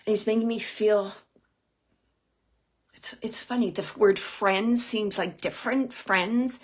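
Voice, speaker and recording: In a live reading, a woman psychic medium addresses an audience member with a mid-range voice. She relays messages in a halting, searching manner, often repeating herself.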